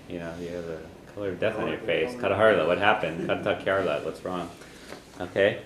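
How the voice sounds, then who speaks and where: A man's voice: low voice, steady tone, fast talker, crowd noise. A man teaching a classroom language lesson, patiently repeating phrases and quizzing his students. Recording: echoey room, faint background noise.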